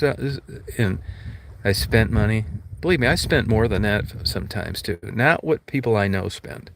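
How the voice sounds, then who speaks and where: Man, low voice, blunt casual talk, swears, faint hiss behind. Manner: blunt, profane storytelling with acted quotes. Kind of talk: casual rambling chat.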